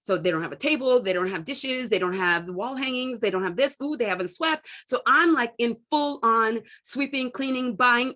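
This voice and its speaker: A woman's voice: on the high side, moderate pace, few pauses. A middle-aged woman giving a candid self-help talk as a coach, telling personal stories and acting out what people said. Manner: candid, storytelling, animated quoting.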